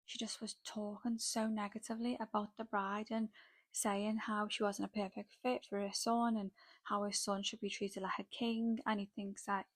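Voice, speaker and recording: A woman's voice: medium pitch, flat delivery, normal speed, dry recording. A young woman, a makeup artist, telling a dramatic gossipy story in a casual chat full of "like" fillers.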